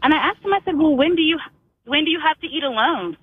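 A woman's voice: high voice, animated, fast talker. A woman in her thirties, a mother calling in to a radio show, telling a heartfelt story in a rambling, emotional way with many restarts. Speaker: caller. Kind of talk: call-in testimony. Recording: tinny phone line.

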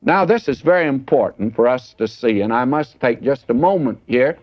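A man's voice: medium pitch, expressive, moderate pace, dry recording. An older man teaching through a Bible passage in a folksy, conversational preaching style with dry asides. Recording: dry, dull lo-fi broadcast sound.

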